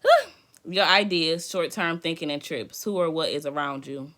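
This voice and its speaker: A woman doing a livestreamed tarot reading. She talks in a hyper, playful, slangy way, swears casually and thinks out loud as she reads the cards. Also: low voice, moderate pace. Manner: slangy, drifting, thinks aloud. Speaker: tarot reader.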